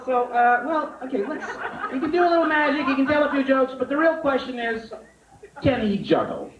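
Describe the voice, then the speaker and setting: A man's voice: very high voice, very animated, a little fast, a crowd in the background. A man doing live stand-up comedy and magic in a club, teasing the audience as he riffs. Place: comedy club stage before a laughing audience. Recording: lo-fi 1980s live tape, roomy club, loud hiss.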